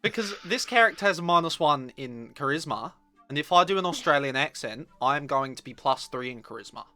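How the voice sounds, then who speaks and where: Bright, bantering male player in a dry, close recording. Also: on the high side, lively intonation, brisk, dry recording, faint music behind. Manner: joking, banter. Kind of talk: casual tabletop game chat.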